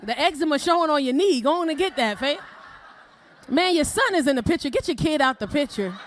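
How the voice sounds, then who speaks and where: A woman's voice: high-pitched, expressive, brisk. A woman performing a bold, brash stand-up comedy set on a club stage, often laughing at her own jokes. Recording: faint crowd laughter and noise.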